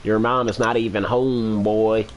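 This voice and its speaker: A young man voicing a gruff scolding man in a put-on deep voice during joking voice chat. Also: level tone, natural voice. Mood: mock-stern. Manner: mock-stern, drawn-out lecturing. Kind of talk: joking voice chat while gaming.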